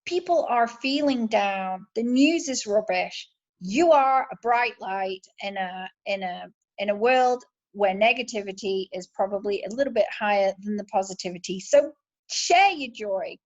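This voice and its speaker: A woman's voice: mid-range voice, animated, unhurried, highs cut off. A woman with a British accent giving an enthusiastic, chatty motivational talk as a sales team leader. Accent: British English.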